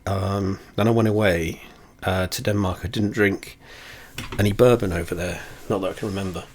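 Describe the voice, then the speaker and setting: A man with a somewhat low voice chats in a loose, rambling way, poking fun at himself and dropping the odd swear word. He sits very close to the camera in a small home setup. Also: steady tone, moderate pace, a little hiss or hum. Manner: rambling, self-deprecating, swears offhandedly. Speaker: whiskey reviewer. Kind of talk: casual rambling chat. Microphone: camera very close to face.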